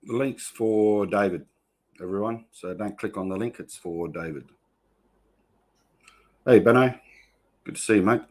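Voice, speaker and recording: An Australian man hosting a casual livestream, greeting viewers one by one in a relaxed, matey way. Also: fairly low pitch, measured pace, long pauses. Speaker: host.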